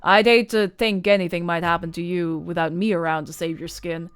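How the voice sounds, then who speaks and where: A woman putting on a gruff old mountain hunter. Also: lowish voice, steady tone, brisk, close to an everyday voice. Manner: folksy drawl, blunt.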